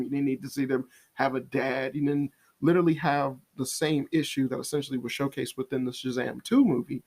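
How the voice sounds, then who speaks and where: A man giving a casual spoken movie review, rambling and exasperated, often restarting and acting out quoted asides. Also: mid-range voice.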